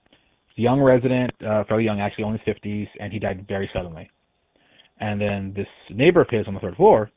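A man's voice: fairly low pitch, dry recording. A man from Texas phoning in to tell a ghost story, rambling along with lots of fillers and restarts. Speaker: caller sharing a ghost story. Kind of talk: casual phone-in storytelling. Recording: tinny phone line, dry.

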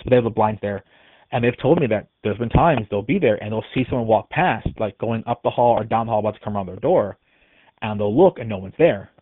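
A man's voice: on the low side, no echo. A man who works at a care facility, telling a ghost story in a casual, rambling and hesitant way. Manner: rambling and hesitant, with many restarts. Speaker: care facility staff member. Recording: tinny phone-like recording, dry.

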